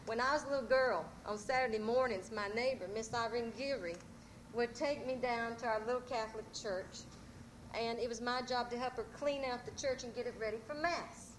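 A woman telling folk tales live to an audience in a church, animated and drawling. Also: a little high, fairly quick, slight background noise. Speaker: storyteller.

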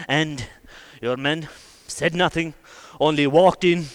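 An Irish man telling a traditional folk tale, his colloquial delivery swinging between loud bursts and hushed asides. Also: a little high, takes it slowly, clean tone. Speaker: storyteller. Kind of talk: traditional oral folk storytelling.

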